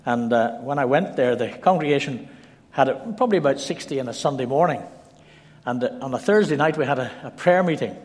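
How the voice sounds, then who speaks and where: A male preacher delivers a sermon in a church, shifting between measured storytelling and scripture reading. His voice rings out with a long hall reverb around it. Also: mid-range voice, lively intonation, darkish tone. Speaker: visiting preacher.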